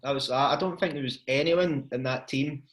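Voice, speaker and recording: A man's voice: medium pitch, echoey room. A Scottish man from Ayrshire co-hosting a podcast, swearing and laughing a lot as he chats. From Scotland. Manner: laughs often, swears, quick banter. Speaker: podcast co-host. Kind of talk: casual chat.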